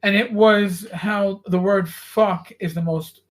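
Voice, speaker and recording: A man's voice: sits high, slow, slight background noise. A man, a former police officer, guesting on a podcast and telling stories with lots of casual swearing. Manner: profane, animated storyteller. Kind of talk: casual chat, storytelling.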